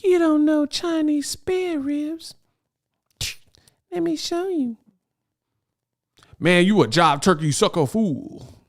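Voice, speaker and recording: A man mimicking a boastful jive-talking hustler from 1970s films in a high cartoonish slangy drawl. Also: expressive, takes it slowly, long pauses, heavily acted.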